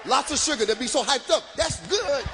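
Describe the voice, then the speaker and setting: A man performing live stand-up comedy, loud and animated, shouting punchlines to the crowd from a stage. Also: very high-pitched, fairly quick, background noise. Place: stage before a live audience.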